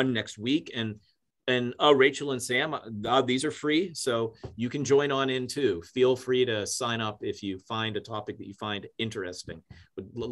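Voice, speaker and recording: A man's voice: mid-range voice, fairly bright tone. A man moderating a webinar panel, stammering and repeating words as he wraps up.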